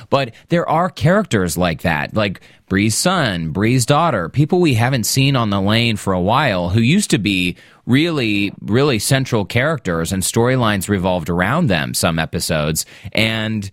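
A man's voice: on the low side, no room sound, clean studio sound. Chatty man recapping a TV show. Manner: animated, laughs easily, acts out quoted lines. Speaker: podcast co-host. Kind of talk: casual TV recap chat.

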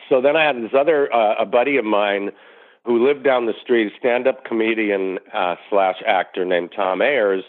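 A man's voice: fairly low pitch, normal speed. A man from New York, an actor guest on an interview, telling stories and acting out the quoted voices. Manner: animated storyteller who acts out quotes. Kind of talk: casual storytelling interview. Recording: tinny phone-line sound.

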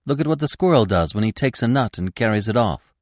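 A man's voice: medium pitch, animated, quick pace, no echo, clean studio sound, voice pushed up, lightly acted. A man voicing a young male deer breaking in to explain. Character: young deer Bambi, male, quick and helpful.

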